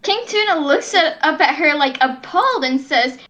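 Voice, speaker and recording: A woman player narrating her character's actions in a tabletop game, giggly and halting. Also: high voice, lively intonation, bright, forceful tone.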